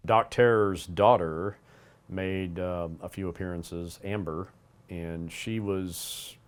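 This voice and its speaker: Deep-voiced man chatting loosely. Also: fairly even intonation, slow, clear, resonant tone. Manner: rambling, with fillers and restarts, acts out bits of dialogue. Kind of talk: casual commentary on a cartoon and its toys.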